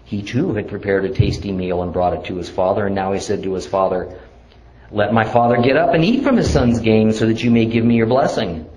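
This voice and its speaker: Man reading scripture aloud, measured. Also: lowish voice, darkish tone, lo-fi sound. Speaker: Bible teacher. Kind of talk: verse-by-verse scripture reading and teaching.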